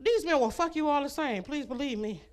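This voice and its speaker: A woman's voice: high voice, lively intonation, fairly quick. A woman doing a stand-up comedy set, brash and bawdy, speaking to the ladies in the crowd and laughing at her own jokes. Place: comedy club stage.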